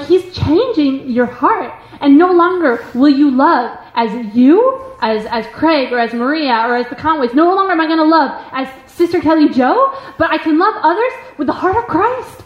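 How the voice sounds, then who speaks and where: A woman, a religious sister, gives an informal spiritual talk. She speaks earnestly and emphatically, with many filler words and repeated phrases. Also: sits high. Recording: echoey room, muffled sound.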